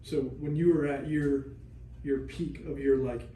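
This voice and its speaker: Mellow-voiced man asking follow-up questions. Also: fairly high pitch, steady tone, measured pace, recorded from a distance, a little hiss or hum. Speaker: podcast co-host. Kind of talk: casual podcast interviewing. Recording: echoey room, voice off-mic.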